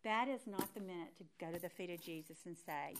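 A middle-aged woman teaching a Bible study through a personal story, animated and acting out her own thoughts as she tells it. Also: on the low side, brisk, noisy background.

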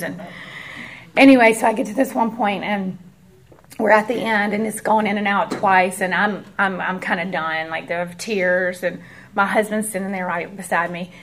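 A woman's voice: medium pitch, fairly even intonation, moderate pace, fairly bright tone. A woman, earnestly sharing a personal testimony with a church group in a conversational way and acting out the voices of the people in her story.

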